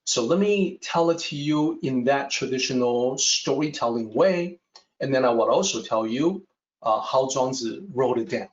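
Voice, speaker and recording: A man teaching a Taoist text, telling a traditional story in a measured lecture style. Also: mid-range voice, distant mic. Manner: slow, measured, with lively rises and falls. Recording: echoey room, dull sound.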